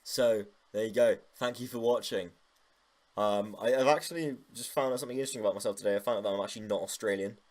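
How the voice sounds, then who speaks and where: A young man talks casually to camera in a fairly low voice. He rambles, cracks jokes and swears freely. The tone is loose, off-the-cuff vlog chatter. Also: fast talker. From United Kingdom. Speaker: YouTuber.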